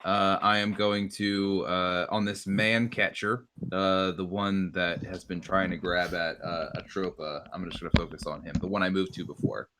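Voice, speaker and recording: A man's voice: sits low, steady tone, moderate pace, hardly any pauses, fairly bright tone, a little hiss or hum. A man playing a tabletop game over an online call, casual and prone to swearing. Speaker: player.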